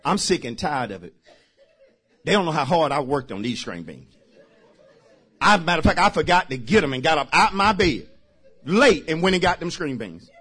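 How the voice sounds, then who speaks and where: Sulking self-pitying aunt played by a male preacher, low, grumbling, husky edge. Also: sing-song, moderate pace, pauses often, a bit bright, heavily acted. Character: sulking middle-aged woman, hurt over her cooking.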